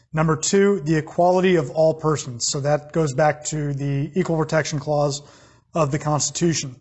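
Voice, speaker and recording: American man, teacher, slightly raised pitch with a husky edge, plain lecture delivery. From United States. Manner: plain explanatory, with fillers and restarts. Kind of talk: recorded class lecture.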